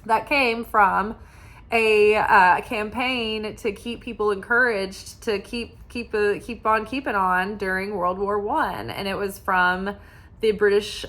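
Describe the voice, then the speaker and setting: A woman's voice: mid-range voice, fairly bright tone. A young woman talking casually as a tarot reader, rambling with many fillers and restarts. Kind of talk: casual spiritual chat.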